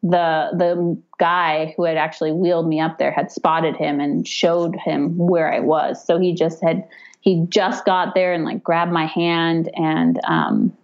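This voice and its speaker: A woman in her thirties telling a personal story in casual talk, animated, with many fillers, acting out quoted voices. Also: unhurried, dull audio. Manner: animated, acts out quoted voices with raised pitch, frequent fillers and laughs. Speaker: podcast guest telling her birth story.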